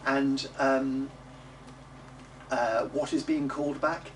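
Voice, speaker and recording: Lively male teacher, distant noisy recording. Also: medium pitch, crowd noise. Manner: coaching, models words slowly and loudly for the group to repeat. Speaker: music teacher. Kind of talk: teaching a class. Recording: distant mic with noisy room ambience.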